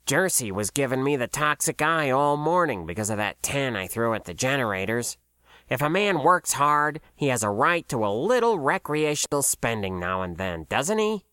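A man's voice: medium pitch, big pitch swings, normal speed, pushed and bright, smooth, no echo, clean studio sound. A man voicing a younger male cook who sounds sheepish and defensive in an audiobook. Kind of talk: audiobook character voice.

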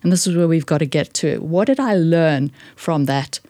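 A woman guest speaking in an animated coaching way, emphatic with sudden upward stresses. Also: moderate pace, no room sound. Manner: emphatic, swooping up in pitch for stress.

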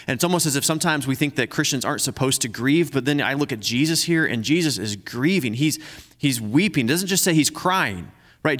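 An earnest male pastor preaching, who often restarts his sentences and drops to a slow, soft tone for scripture. His voice sits at an ordinary middle pitch. The sound trails off in the long reverb of a church hall. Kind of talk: sermon.

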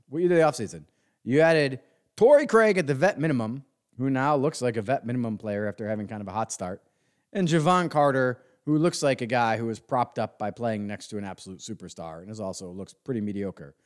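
A man hosts a sports podcast in a ranting monologue. He is sarcastic and profane, full of fillers, and his pitch swings widely as he works himself up. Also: very animated, fast talker, darkish tone. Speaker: podcast host.

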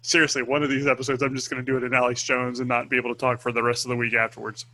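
A man's voice: mid-range voice, level tone, rapid-fire, sharp tone. A man co-hosting a podcast, chatting casually and making joking asides. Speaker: podcast co-host. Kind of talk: casual chat.

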